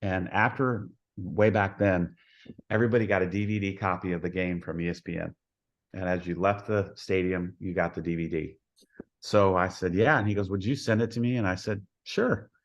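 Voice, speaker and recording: A man who coaches softball, telling folksy anecdotes as a podcast guest and acting out the dialogue in them. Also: sits low, steady tone, brisk, lo-fi sound. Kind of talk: storytelling in a podcast interview.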